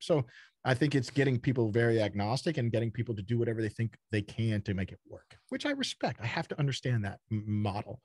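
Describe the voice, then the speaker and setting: Animated, blunt man from Texas. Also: mid-range voice, fast talker, no echo, studio quality. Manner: animated, blunt, swears, repeats words. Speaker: startup founder guest. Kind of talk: casual podcast conversation.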